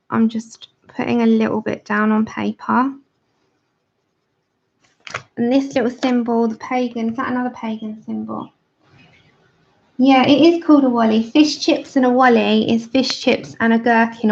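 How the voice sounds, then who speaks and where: An English woman with a raised pitch and a gravelly edge chats casually to her viewers, explaining as she goes. The sound is dull and lo-fi, like a home livestream picked up on a basic mic. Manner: chatty, explains as she works. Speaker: livestream host. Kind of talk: casual chat while colouring.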